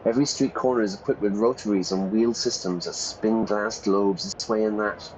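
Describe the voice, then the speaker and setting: Low-voiced man reading a game aloud. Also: steady tone, darkish tone, a little hiss or hum, rough recording. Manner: playful, pauses to gloss vocabulary and self-correct. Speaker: English teacher streaming a game. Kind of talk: reading game text aloud and explaining words.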